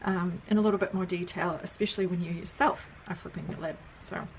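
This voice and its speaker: Woman calmly explaining, faint hiss. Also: lowish voice, fairly quick. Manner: friendly, explains step by step with many ums and "right?". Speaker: parenting educator. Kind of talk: casual explainer video.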